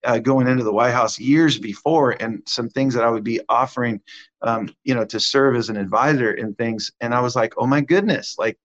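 A man giving a conversational testimony as a guest minister, animated and acting out the quotes of the people in his story. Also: mid-range voice, a little fast, muffled recording.

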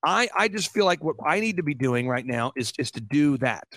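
A middle-aged man guesting on a talk show, telling an animated story with emphatic, repetitive phrasing. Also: a little high, no room sound, clean studio sound. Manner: fast-paced, repetitive, emphatic.

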